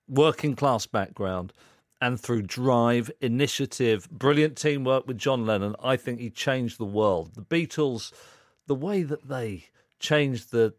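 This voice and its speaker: A man's voice: medium pitch, dry recording, studio quality. A man co-hosting a podcast, talking casually and thoughtfully. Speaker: podcast co-host. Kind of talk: casual chat.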